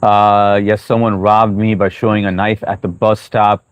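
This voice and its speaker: A man's voice: fairly low pitch, little pitch movement, normal speed, dry recording, muffled recording. A man hosting a live stream, chatting casually and answering viewers' comments with lots of fillers and restarts. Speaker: livestream host reading chat.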